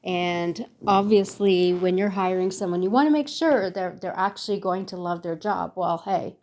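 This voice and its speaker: A woman's voice: lowish voice, moderate pace, darkish tone. A woman in her sixties telling a story to her viewers in a chatty, rambling, effusive way. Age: 60s. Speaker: lifestyle vlogger. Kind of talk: casual storytelling to camera.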